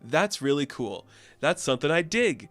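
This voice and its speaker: A man's voice: on the high side, very animated, normal speed, a bit bright, dry recording. Chatty man rambling through a comic review. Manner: chatty, rambling, full of "like" and "you know". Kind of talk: casual comic review vlog.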